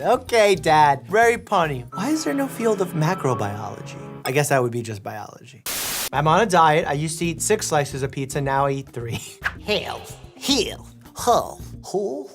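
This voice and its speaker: A man's voice: fairly high pitch, big pitch swings, normal speed, soft background music. A man in his thirties, a doctor, casually reacting to memes in a playful, jokey way, laughing often and sometimes stopping to explain medical facts. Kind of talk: casual meme reaction commentary.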